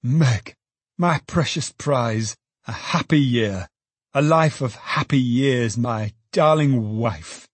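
A man reading an audiobook, voicing a generous, jolly young man who calls out loudly. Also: mid-range voice, slow, husky, dry recording. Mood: jubilant.

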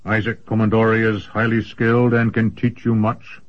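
A man reading aloud drops into a massive, gruff old sorcerer who lectures in a low rumble. The sound is dull and lo-fi, like an old audiobook. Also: level tone, normal speed, close to an everyday voice. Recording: dull lo-fi recording.

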